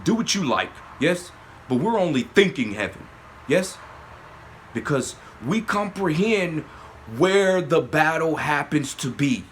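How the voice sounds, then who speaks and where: A man hosting his own channel, giving a spiritual monologue, often asking "yes?", swinging between loud emphatic bursts and low murmurs. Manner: slow, repeating "yes?" often. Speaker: channel host.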